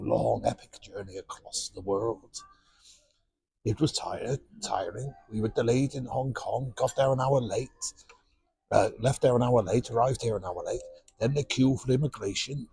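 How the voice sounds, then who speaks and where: A man's voice: lowish voice, darkish tone, no room sound. A man from Wales chatting to camera in a cruise ship bar, telling self-mocking stories on a small handheld microphone. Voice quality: gravelly, husky. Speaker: vlogger reviewing pubs. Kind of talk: casual vlog chat to camera.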